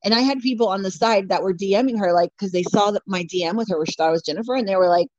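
A woman's voice: medium pitch, quick pace, a little mellow, dry recording. A woman from California telling a story in casual chat, bluntly, with lots of swearing and "like" fillers. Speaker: guest. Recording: dull lo-fi dry audio.

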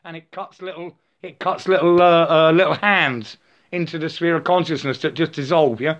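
A high-voiced man talks in a loose, stammering spiritual monologue, tripping over repeated words and now and then slipping into slow chanted gibberish. The recording sounds slightly dull and lo-fi. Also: fairly even intonation, a bit bright, slight background noise. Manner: stammering, repeats words, breaks into slow sung nonsense syllables.

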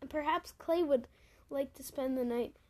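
A woman's voice: sits high, measured pace. Woman reading as a stern female dragon guardian. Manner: scolding, threatening.

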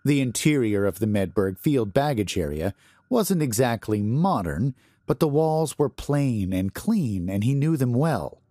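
A man reading a horror story aloud in a deliberate, expressive manner. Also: mid-range voice, no echo, studio quality. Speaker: narrator.

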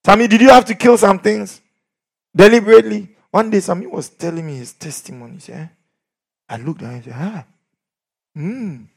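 A middle-aged man preaching a sermon, swinging from shouts down to near whispers. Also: high-pitched, brisk, creaky, pauses often, breathy edge. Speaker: pastor.

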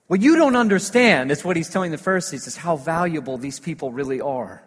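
A man preaching a sermon, telling stories with lively emphasis that swings between loud declarations and hushed asides. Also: a little high, a little fast, hardly any pauses, slightly rough. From United States. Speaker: pastor. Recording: long hall reverb.

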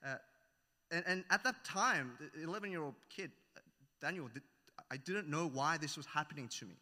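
A man's voice: fairly high pitch, lively intonation, brisk, sharp tone. A man with an Australian accent, raised in New Zealand, preaching a sermon in a conversational way with many fillers and self-corrections. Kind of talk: sermon with opening prayer. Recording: echoey hall reverb.

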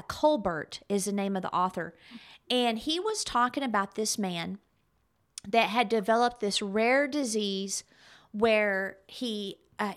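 A middle-aged woman co-hosting a talk show, telling stories animatedly and laughing often. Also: mid-range voice. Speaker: podcast co-host. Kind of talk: casual chat.

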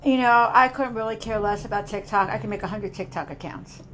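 Speaking a little fast in a medium-pitched, somewhat bright voice, a woman delivers a stirring political speech with passion and emphasis. She repeats phrases for impact and turns grave for her warnings. There's slight background noise.

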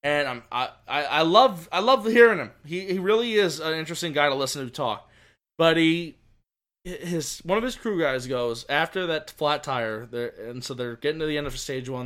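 A man with a high, bright voice co-hosts a casual podcast. He rambles eagerly, restarting sentences as he goes. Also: moderate pace. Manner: excited, rambling, many restarts. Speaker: podcast co-host. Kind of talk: casual racing chat.

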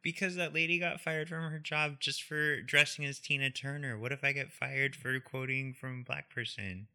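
An easygoing man co-hosting a podcast, chatting casually and often trailing off softly. His voice is bright and sharp, and his pitch sits in the middle range. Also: steady tone, moderate pace. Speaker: podcast co-host. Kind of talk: casual chat.

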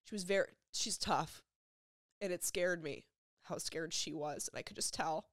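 Young woman, kinda low voice, telling a hard personal story, lots of "like", repeats herself, close dry mic. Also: no room sound. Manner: halting, emotional retelling with repeated phrases and many "like" fillers. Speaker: vlogger.

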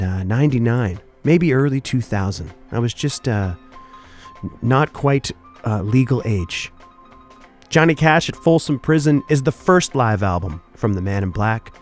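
A younger man hosting a country music radio show, chatting in a relaxed, folksy way with filler words. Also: mid-range voice. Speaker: radio host. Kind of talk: casual radio show chat.

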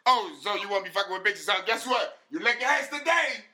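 A man's voice: sits high, expressive, brisk, pushed and bright, pitched above the performer's own voice, exaggerated voice. A man putting on a brash, taunting female rapper in a mock Spanish-tinged accent, in a mocking, sassy manner.

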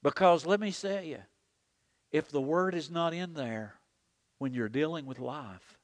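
A man's voice: on the high side, a little slow. A man preaching a sermon as pastor, leading the congregation in repeating a prayer. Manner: animated preaching, leads the congregation in call-and-repeat. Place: church sanctuary. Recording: long hall reverb.

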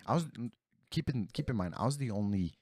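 Young man, deep low voice, rambling profane storyteller, casual chat, dry close sound. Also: expressive, fairly quick, darkish tone, no echo. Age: young adult. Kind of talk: casual storytelling among friends.

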